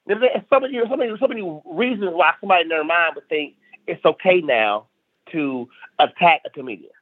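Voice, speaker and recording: On a laid-back podcast, a comedian from South Carolina rants with emphasis, looping back on the same phrases. His voice is a little high, animated and slightly fast. The audio is tinny and phone-like, with no echo.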